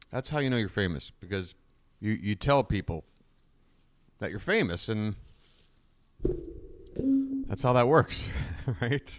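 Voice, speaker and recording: A man talks through a home-shopping reaction stream, rambling and wry and always drifting onto tangents. His pitch moves around a lot, rising and falling with his asides. The sound is dry and close, with no room echo at all. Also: smooth. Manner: rambling, wry, easily sidetracked. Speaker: live stream host. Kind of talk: casual reaction riffing.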